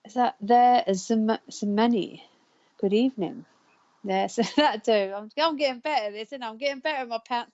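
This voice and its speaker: A woman's voice: on the high side, a little mellow, muffled recording. A woman hosting a live psychic counselling show, chatting casually, laughing often and stumbling over names. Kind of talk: casual live-stream chat.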